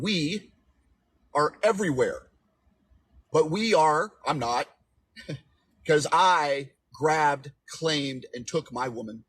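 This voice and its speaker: Husky-voiced guy in his 40s preaching relationship advice live, higher pitched, keeps saying okay. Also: fairly bright tone. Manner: emphatic, repetitive, preachy, asks "okay?" often. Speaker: relationship coach. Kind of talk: livestream advice talk.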